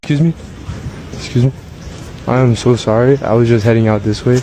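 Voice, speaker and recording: A woman playing a smooth, forward young man who approaches a woman with pickup lines. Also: rumbling low, steady tone, a little fast, noisy background.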